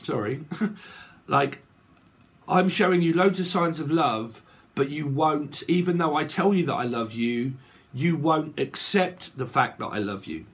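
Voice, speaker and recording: A man's voice: fairly high pitch, measured pace, breathy edge. A man giving a casual tarot reading to his viewers, rambling and checking in with "okay" and "right" again and again. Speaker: tarot reader.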